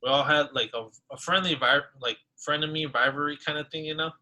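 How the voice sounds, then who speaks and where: A man's voice: fairly high pitch, fairly even intonation, brisk, bright, forceful tone, rough recording. A young man co-hosting a casual podcast, telling a personal story in a rambling way with many fillers. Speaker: podcast co-host.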